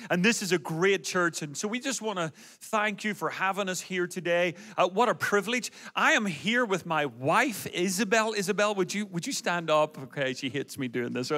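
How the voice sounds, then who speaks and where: A man's voice: high voice, pushed and bright. A man in his forties with an Irish accent, a guest pastor joking with the congregation at the start of a sermon. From Ireland. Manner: joking, playful asides to the crowd. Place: church auditorium stage.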